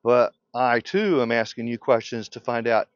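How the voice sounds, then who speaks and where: A man's voice: medium pitch, moderate pace, no echo. An older man, a beekeeping teacher, delivering a passionate unscripted rant. He is blunt and provocative and laughs often. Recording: dull lo-fi recording.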